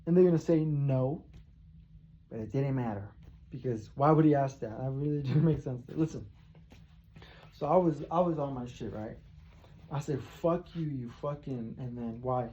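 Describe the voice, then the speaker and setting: A man's voice: mid-range voice, normal speed, pauses often, dark tone, muffled recording. A man rambling and swearing heavily in a monologue to camera, sitting on his bed. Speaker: vlogger. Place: bedroom, seated on bed.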